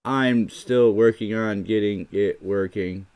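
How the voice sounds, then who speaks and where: A man with a very low voice hosts a casual livestream, chatting loosely to his viewers. He rambles and narrates every click as he fumbles with his computer. He is speaking close to a desk microphone. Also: fairly even intonation, takes it slowly, darkish tone, smooth. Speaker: livestream host.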